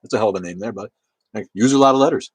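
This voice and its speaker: A man's voice: fairly low pitch, very fast, husky, dry recording. A man hosting a livestream, rambling and swearing as he reads chat comments and laughs along. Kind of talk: casual profane livestream chat.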